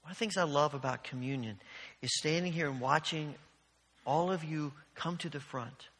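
A man preaches from the front of a church, his voice bright and forceful and pitched a little high. He tells stories earnestly and with animation, and his words ring out with the long reverb of the sanctuary. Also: moderate pace, husky. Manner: storytelling with animated, earnest delivery. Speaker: pastor. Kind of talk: sermon.

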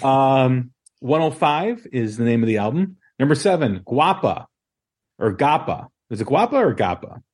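A man hosting a casual music podcast, talking in a relaxed, rambling way with many ums and restarts. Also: medium pitch, brisk, hardly any pauses, slightly rough. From Chicago area. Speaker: podcast host.

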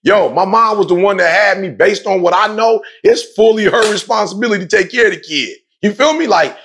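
A man's voice: sits high, a little fast, gravelly. A man speaking emphatically in a casual, slangy way, telling a personal story and repeating points for emphasis. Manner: emphatic, repetitive, slangy, animated. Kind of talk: passionate conversational storytelling.

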